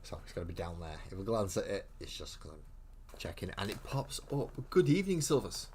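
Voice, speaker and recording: A man with a deep, low voice hosts a casual live stream from his home hobby room. He rambles and thinks aloud, often breaking off and restarting mid-sentence. A faint hum sits behind him. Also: sing-song, fairly quick, a little mellow. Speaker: host of a live miniature-painting stream.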